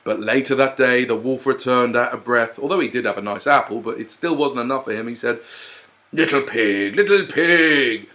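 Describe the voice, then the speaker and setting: A man telling a fairy tale in a playful, animated way with chatty asides. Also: medium pitch, fast, hardly any pauses. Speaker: storyteller.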